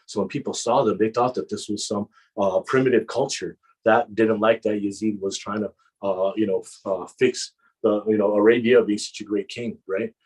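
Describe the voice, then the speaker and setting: A man narrating a Muharram mourning sermon with impassioned storytelling, repeating phrases for emphasis and often halting mid-sentence. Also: on the low side, fairly even intonation, a little mellow, breathy edge, low-quality recording. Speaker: majlis speaker.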